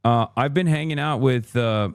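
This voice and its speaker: A man's voice: mid-range voice, normal speed, clean tone, no room sound, studio quality. A man in his thirties, a streamer reading a news article aloud and joking around in casual livestream commentary.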